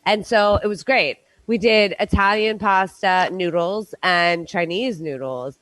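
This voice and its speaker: A woman's voice: mid-range voice, a little slow, a bit bright, dry recording, low-quality recording. A woman hosting a late-night quiz show, telling long rambling stories in casual chat with playful put-on voices. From New York.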